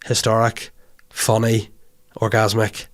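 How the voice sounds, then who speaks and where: A man voicing his wife as she delivers a stately, mock-solemn tribute, speaking a little lower and quieter than his usual voice. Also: monotone, slow pace. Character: wife giving a grand formal speech.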